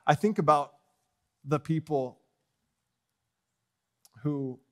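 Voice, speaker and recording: Speaking very slowly in a somewhat high voice, a pastor preaches boldly and fiery in a church sanctuary. His sermon moves from loud proclamations to quiet asides, with jokes shared with the congregation.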